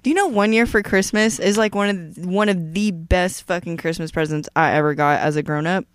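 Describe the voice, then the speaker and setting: A woman co-hosting a podcast in casual chat, blunt and animated, swearing a lot. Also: fairly low pitch, a little fast, clean tone, dry recording. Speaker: podcast co-host.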